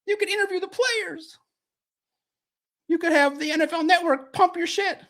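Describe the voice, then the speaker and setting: A man's voice: extremely high pitch, moderate pace, fairly bright tone, voice pushed up. A man voicing his wife as an insistent woman urging him to give in and cozy up to the team. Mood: coaxing.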